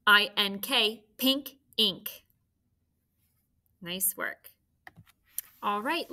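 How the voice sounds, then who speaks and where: A woman teacher leading a phonics sound drill for children to repeat, clearly enunciated. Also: mid-range voice, pushed and bright.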